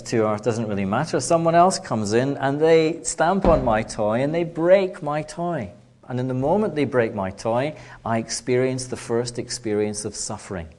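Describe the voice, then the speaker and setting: A middle-aged man gives a spiritual lecture in a hall, with a playful storytelling manner. His voice sits at an ordinary pitch, and he now and then slips into small acted voices. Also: a little mellow. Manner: playful storytelling, acts out child and adult voices, laughs often. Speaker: speaker giving a public talk. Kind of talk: spiritual lecture to a live audience.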